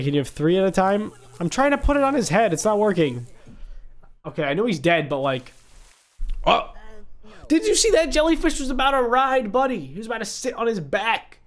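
A young man, a gaming YouTuber, talking through a mobile game with jokey, animated commentary that jumps into high yelps. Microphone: desktop microphone.

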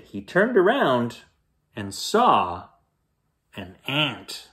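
A man reads a children's bedtime story aloud, playfully acting out footsteps and noises. His pitch moves a great deal, and he takes an unhurried pace, with a mid-range voice. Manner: animated, playful read-aloud with sound effects.

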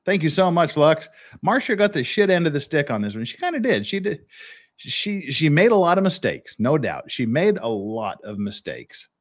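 A man's voice: fairly high pitch, very animated, normal speed. Blunt, opinionated male podcast host. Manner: blunt, opinionated, frequent restarts. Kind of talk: casual commentary on trial footage.

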